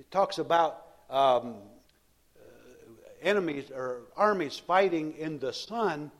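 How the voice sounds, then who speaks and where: Guy preaching a sermon, kinda high voice, tells it like a story, keeps repeating words.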